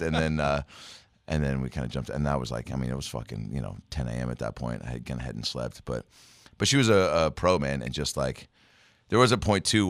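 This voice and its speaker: A man, a comedian guest in a studio, telling stories in an animated, profane way in casual chat. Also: very deep voice, dry recording.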